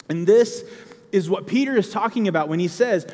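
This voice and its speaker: A man's voice: high-pitched, moderate pace, darkish tone, long reverb tail. A man preaching a sermon in a conversational way, with sudden emphatic outbursts.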